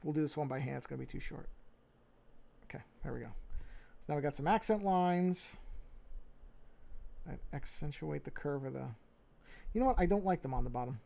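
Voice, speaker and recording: A man with a New York accent, livestreaming as he draws, thinking aloud in a relaxed way, muttering to himself and correcting his own moves. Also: on the high side, brisk, creaky, pauses often. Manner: talks to himself, muttering and repeating phrases. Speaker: livestreaming artist. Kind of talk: casual think-aloud commentary while drawing.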